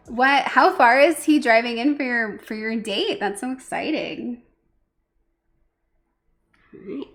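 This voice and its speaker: A woman chats slowly and loosely on a livestream, full of fillers and little asides. Her voice sits a touch high. Faint music plays behind her. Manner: chatty, lots of fillers, coos softly to her pet. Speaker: streamer. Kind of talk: casual livestream chat.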